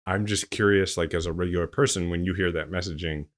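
Deep-voiced man explaining politics. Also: fast talker. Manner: explains at length, relaxed and chatty. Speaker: podcast host. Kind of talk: casual political commentary.

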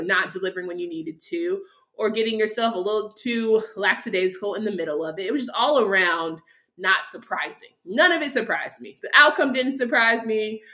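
A woman's voice: mid-range voice, bright, forceful tone. A woman hosting a casual sports podcast, blunt and opinionated about the game. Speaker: podcast host.

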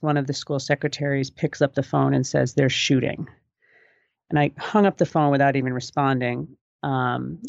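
A woman tells her story in a brisk, matter-of-fact way, and her voice has a gravelly, fry-laden edge. The recording sounds dull and lo-fi, and it is dry with no room around the voice. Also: a bass voice, dry recording. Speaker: former school library clerk, interviewee. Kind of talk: personal recollection in an interview.

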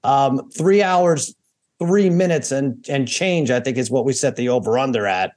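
A man with a Boston accent hosting a sports podcast, joking and self-deprecating in quick casual banter. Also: mid-range voice, darkish tone. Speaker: podcast host.

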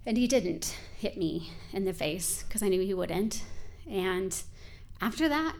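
A woman's voice: medium pitch, expressive, a little slow, gravelly, a little mellow. A woman in her forties telling a personal story in a candid, conversational way, with frequent filler words.

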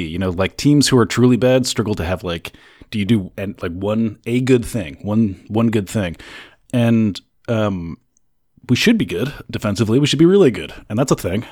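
A man's voice: on the low side, a little mellow, no room sound, studio quality. A man co-hosting a podcast, chatting casually in a laid-back, teasing way and laughing often. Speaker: podcast co-host. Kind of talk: casual sports chat.

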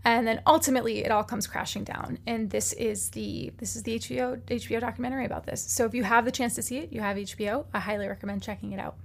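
A woman co-hosting a podcast panel, her voice a touch high with a gravelly fry running through it. She lays out her recommendation briskly and informatively. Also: fairly even intonation. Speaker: podcast co-host. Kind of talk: casual panel chat.

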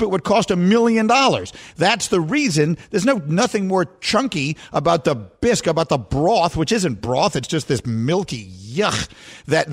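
A man hosting a sports radio show in a studio, arguing in casual banter, animated and indignant. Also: high-pitched. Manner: animated, indignant, quick to argue.

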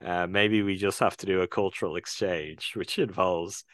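Very deep-voiced Irish man. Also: fairly even intonation, moderate pace, dry recording, clean studio sound. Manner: earnest, thoughtful retelling with soft hesitations. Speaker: podcast co-host reviewing films. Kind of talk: casual conversational film review.

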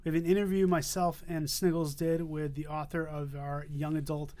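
A man's voice: fairly high pitch, little pitch movement, moderate pace, darkish tone. A man hosting a podcast, chatting playfully and cracking jokes. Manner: playful, jokey interjections. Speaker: podcast host. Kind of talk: casual chat.

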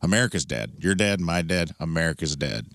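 A man's voice: a bass voice, expressive, brisk, a bit bright, no room sound, clean studio sound. An American man on a radio show's banter, telling jokey stories and putting on voices. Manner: jokey storyteller, puts on voices in his bits. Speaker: radio co-host. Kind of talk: casual comedic chat.

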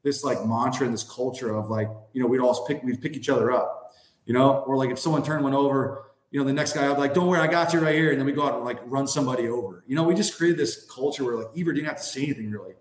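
A man's voice: medium pitch, quick pace. Rambling man telling stories, roomy sound. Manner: rambling, filler-heavy storytelling. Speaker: podcast guest, former hockey player. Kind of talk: casual anecdote telling.

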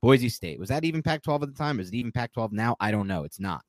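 A man co-hosting a sports podcast, talking casually in a rambling, animated way and often correcting himself mid-sentence. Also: mid-range voice, quick pace, dry recording. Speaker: podcast co-host.

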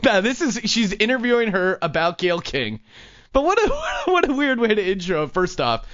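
Man, comedy talk host, playful, mocking, high voice, lively, dull lo-fi sound. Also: moderate pace. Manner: playful, mocking, laughs often. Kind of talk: comedic commentary on clips.

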